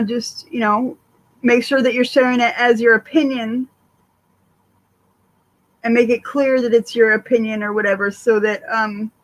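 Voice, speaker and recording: Recorded in low quality, a woman with a slightly high voice hosts a casual livestream. She rambles through viewer chat with many fillers and lots of swearing.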